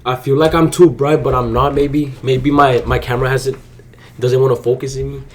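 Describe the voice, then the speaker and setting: A young man casually commenting on his day trades to viewers, slangy and excitable, swearing freely. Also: medium pitch, moderate pace, a little hiss or hum. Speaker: day trading vlogger. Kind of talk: casual live commentary while trading.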